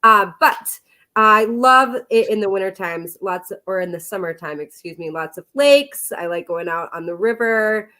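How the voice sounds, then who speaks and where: A woman's voice: mid-range voice, animated, normal speed, bright, forceful tone. A woman from Wisconsin with an Upper Midwest accent, chatting cheerfully as a guest on a video call. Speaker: resort sales manager and podcast co-host. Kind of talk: casual chat as a guest.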